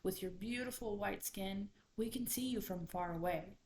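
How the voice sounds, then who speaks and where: A woman telling a folktale plays a big male bear, leader of the animal council. He speaks loudly and bluntly, in a plain mid-pitched voice that gives orders. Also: moderate pace, a little hiss or hum, natural voice. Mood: commanding.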